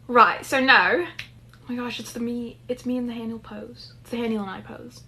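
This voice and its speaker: A woman's voice: a little high, level tone, a little fast, darkish tone. A woman reading a story aloud and chatting about its characters between passages. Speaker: story reader.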